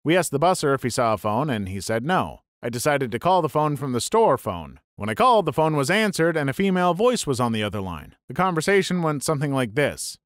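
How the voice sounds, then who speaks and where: A man's voice: medium pitch, very animated, a little fast, hardly any pauses, no room sound. Man reading stories in a dry voice. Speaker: story narrator. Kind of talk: scripted narration of online stories.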